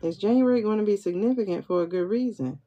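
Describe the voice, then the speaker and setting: A woman hosting a livestream pendulum reading, excitable, repeating herself as she questions her spirit guide and talks to viewers. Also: medium pitch, fast. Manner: excitable, keeps repeating "hold on" while asking questions. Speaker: tarot reader host. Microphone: phone or computer mic for livestream. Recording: dull lo-fi livestream audio.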